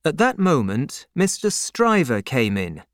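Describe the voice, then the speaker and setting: A male audiobook narrator reads scripted material slowly and expressively. His voice is a little high, and the clean studio recording has no room sound.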